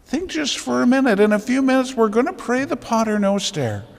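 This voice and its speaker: A priest giving a homily with emphatic rhetorical questions, building to intense exhortation. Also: male voice, high voice, vocal fry, big-room sound. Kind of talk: sermon. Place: church.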